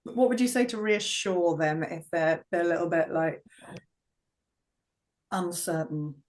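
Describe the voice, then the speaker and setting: A woman's voice: fairly low pitch, unhurried, a little mellow, distant mic. Encouraging woman interviewer. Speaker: interviewer and retreat host. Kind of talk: interview questions.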